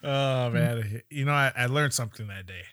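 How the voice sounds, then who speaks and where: A man hosts a podcast in an easygoing way, trading jokes and dropping the odd swear word. His voice sits at an ordinary pitch and sounds close and dry. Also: moderate pace, a bit bright, no echo. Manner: laid-back, swears casually. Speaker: podcast host. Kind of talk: casual chat.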